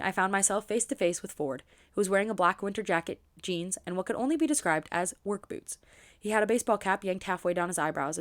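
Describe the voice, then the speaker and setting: A woman reading a romance novel aloud for her book channel, expressive and dropping in quick asides of her own. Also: medium pitch.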